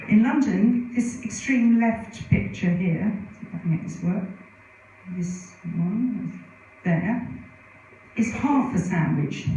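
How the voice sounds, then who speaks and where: A woman's voice: medium pitch, dark tone, a little hiss or hum. A middle-aged woman giving a conference presentation, telling anecdotes in a chatty way with many asides. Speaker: conference speaker. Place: conference venue. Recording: very echoey hall from a distance.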